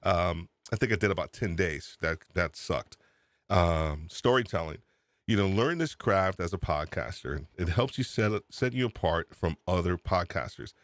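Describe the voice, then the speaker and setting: A man with a very low voice hosts a casual live podcast stream. He is excitable, laughs often and repeats himself, speaking close to a desk microphone in a dry, dead-sounding room. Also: moderate pace, dry recording. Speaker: podcast host. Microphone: USB desk microphone.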